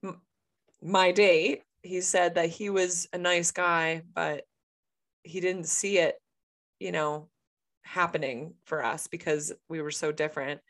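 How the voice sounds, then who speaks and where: A woman with a Western Canadian accent co-hosting a podcast, telling a story in an animated, frank way and laughing often. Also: lowish voice, measured pace. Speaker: podcast co-host. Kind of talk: casual storytelling chat.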